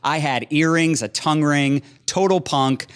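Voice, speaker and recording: A man's voice: on the high side, measured pace, clean tone. A man on a business panel giving loose, jokey, upbeat motivational advice. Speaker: panel speaker. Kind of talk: motivational speech.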